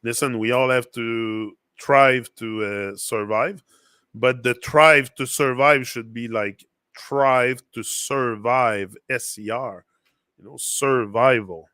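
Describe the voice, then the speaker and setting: A man's voice: medium pitch, fairly even intonation, slow pace, sharp tone, clear, resonant tone, no room sound, studio quality. A man with a French accent hosting a casual motivational livestream, rambling as he reads out viewer comments.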